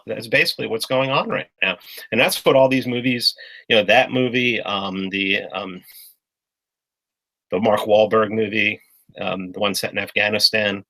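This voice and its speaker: A man's voice: lowish voice, steady tone, moderate pace, sharp tone, rough recording. A man in a casual political discussion, talking bluntly and swearing often, with many restarts. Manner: blunt and profane, with frequent restarts. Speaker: podcast guest.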